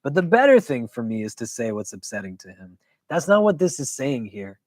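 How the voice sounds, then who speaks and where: A man, an imam, teaching a weekly religious class in a casual, conversational way. He keeps checking in with his listeners and tells stories with quick asides. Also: medium pitch, no echo. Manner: conversational, keeps asking "do you know?"; animated storytelling with quick asides.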